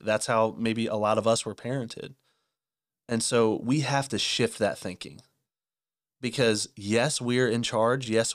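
A man in his thirties co-hosts a casual parenting podcast, candid and earnest and laughing at his own shortcomings. His voice is medium in pitch, recorded as clean studio sound with no echo.

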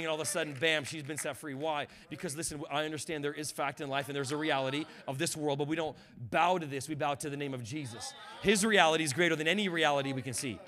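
High, bright-voiced preaching man. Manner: passionate preaching that builds to shouts; conversational, with repeated words and restarts. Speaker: guest pastor. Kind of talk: sermon.

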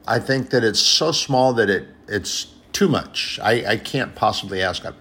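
A man's voice: lowish voice, moderate pace, hardly any pauses, sharp tone. A man preaching an informal sermon in an earnest, conversational way, often repeating phrases and addressing brothers and sisters.

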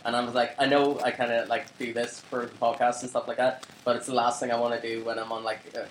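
A fast-talking young man with a medium-pitched voice that barely moves in pitch co-hosts a podcast from his flat. His long, rambling anecdote is peppered with curses and laughs, and the roomy home recording has faint ambience and slight background noise.

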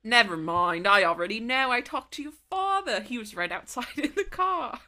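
A woman's voice: on the high side, expressive, normal speed, sharp tone, pitched above the performer's own voice. Woman doing a mocking British guidance counselor. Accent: put-on British. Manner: teasing, mocking, cutting. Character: sardonic male school guidance counselor.

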